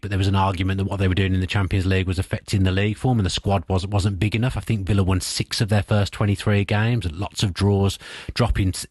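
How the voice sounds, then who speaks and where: A man with a Birmingham accent giving thoughtful, animated football analysis as a pundit on sports radio, speaking into a studio mic. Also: deep voice, dry recording.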